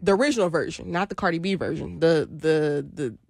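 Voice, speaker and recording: A woman's voice: deep voice, fairly quick, creaky, no echo, studio quality. A woman co-hosting a podcast, telling a story in casual chat and laughing often as she goes. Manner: animated, laughs often while telling stories. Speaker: podcast co-host.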